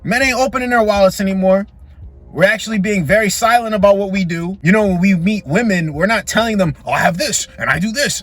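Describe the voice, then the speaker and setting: Blunt, high-voiced male vlog host. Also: fairly bright tone. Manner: blunt, preachy, talks straight to the guys. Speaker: dating commentary host. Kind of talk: casual commentary vlog.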